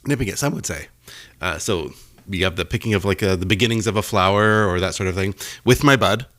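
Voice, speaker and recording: A man with a fairly low voice co-hosts a casual podcast. He jokes around and plays with words in a relaxed, chatty way. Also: fairly quick. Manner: jokey, playful wordplay. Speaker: podcast co-host.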